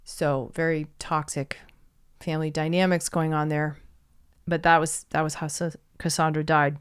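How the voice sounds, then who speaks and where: In a reflective storytelling monologue, a woman casually retells an old myth and thoughtfully considers why stories matter. Her voice sits low and smooth, with a flat delivery at normal speed.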